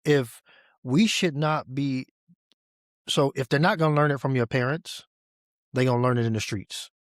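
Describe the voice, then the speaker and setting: A man hosting a podcast in casual conversation, relaxed and repeating key phrases for emphasis. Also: medium pitch, moderate pace, dry recording, studio quality. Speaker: podcast host.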